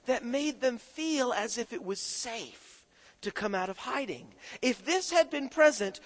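A male preacher delivers a sermon and keeps asking his congregation to answer him. His voice is high and bright, and it swings widely in pitch. The sound rings out in a hall with long reverb. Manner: questions the congregation, call-and-response.

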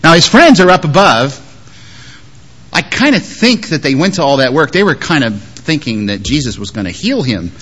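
A man preaching a sermon as a pastor, moving between strong emphasis and quiet, softly spoken quotes. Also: on the high side, normal speed. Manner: lively, shifts between loud emphasis and soft quoted words.

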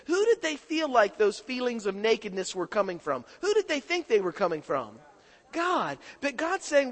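A man's voice: sits high, big pitch swings, normal speed, a bit bright. A man preaching a sermon who keeps putting questions to his congregation and calling for their answers. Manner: questions the congregation, call-and-response. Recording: echoing hall reverb.

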